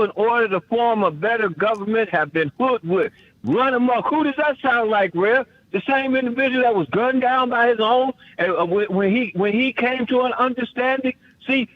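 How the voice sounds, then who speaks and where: A man's voice: very high voice, lo-fi sound. A man calling in to a radio talk show with an impassioned, preacherly monologue, often stammering and repeating words. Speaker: caller.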